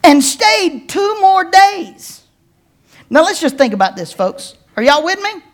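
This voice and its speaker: A woman pastor preaching a sermon, folksy and playful, with slow, emphatic pauses and direct calls to her congregation. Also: extremely high pitch, expressive. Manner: folksy and playful, with casual slang.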